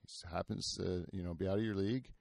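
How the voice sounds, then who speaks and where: A man hosts a loose podcast conversation, his voice sitting on the low side. He rambles through fillers and restarts and curses freely. The sound is close and dry, with no room to it. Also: fairly even intonation, fast, creaky, darkish tone, no room sound. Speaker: podcast host. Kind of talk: casual chat.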